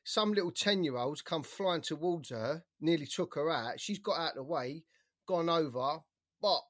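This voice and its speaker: Bloke in his thirties, high voice, lively swearing anecdotes for a podcast. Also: normal speed. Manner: animated, swearing storyteller. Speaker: podcast co-host. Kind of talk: casual chat.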